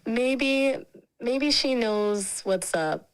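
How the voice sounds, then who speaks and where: A woman's voice: on the high side, expressive, extremely slow, clean tone, rough recording. A woman's synthetic voice speaking as an AI companion, chatting in a friendly, casual, opinionated way. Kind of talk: conversational AI chat.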